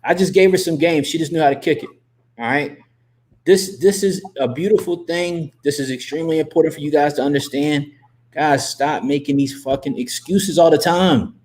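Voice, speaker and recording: A man with a fairly high voice, coaching his audience in an emphatic, repetitive pep talk. He keeps circling back to the same points and pushes the listener to stop making excuses. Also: normal speed. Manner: emphatic, repetitive, gives shout-outs. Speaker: host and coach. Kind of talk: motivational livestream talk.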